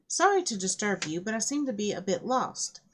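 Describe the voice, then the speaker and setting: A woman's voice: mid-range voice, sing-song, moderate pace, lightly acted. A woman with a scratchy throat reading the lines of a polite, good-humored bearded Irish-German man who is lost.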